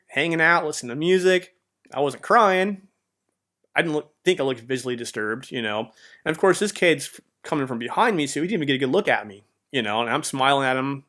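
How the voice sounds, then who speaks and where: A rambling man with a fairly high, fairly bright voice shares his testimony as a podcast host, casually telling the story of his faith. He is an adult with a marriage behind him, and his heartfelt delivery is heavy with fillers like "man" and "you know."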